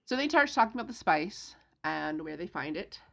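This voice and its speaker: A woman with a low, gravelly voice talks through a book recap in a relaxed, chatty way. She drops into quick quoted lines for the characters as she retells the plot, then goes back to her everyday voice. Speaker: podcast co-host recapping a novel. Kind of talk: casual book discussion chat.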